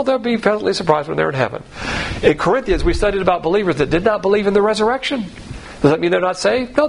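A man's voice: high-pitched, vocal fry, a little hiss or hum, rough recording. A man teaching the Bible verse by verse in a blunt, folksy way, full of rhetorical questions and acted-out quotes. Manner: acts out quoted voices.

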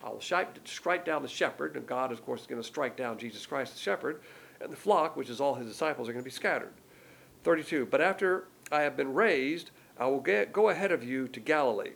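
A man's voice: mid-range voice, expressive, a little fast, creaky, fairly bright tone, rough recording. A man teaching verse by verse from the Bible, explaining each passage in plain, conversational words and reading the verses aloud with more force.

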